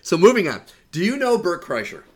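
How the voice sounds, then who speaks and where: A man's voice: high voice, huge pitch swings, a little fast. A man co-hosting a casual podcast, rambling through movie stories and laughing as he retells scenes. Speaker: podcast co-host. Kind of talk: casual chat.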